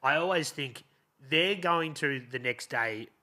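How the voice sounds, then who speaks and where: A man hosting a podcast, relaxed and encouraging his guest with short agreements. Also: fairly high pitch, unhurried. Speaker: podcast host. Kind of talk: casual interview chat.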